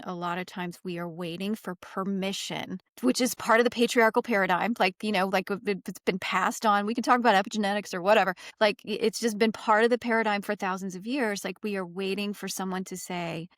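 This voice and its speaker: Relaxed woman hosting a podcast. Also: medium pitch, no room sound, clean studio sound. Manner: relaxed, reflective, many "like" fillers. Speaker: podcast host. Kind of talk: casual chat.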